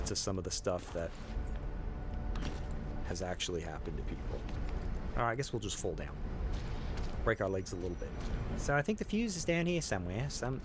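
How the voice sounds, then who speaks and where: A man's voice: on the low side, a bit bright, slight background noise. A middle-aged man giving chatty, rambling commentary while streaming a game, joking at his own mistakes and cheering his character on. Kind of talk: casual gameplay commentary.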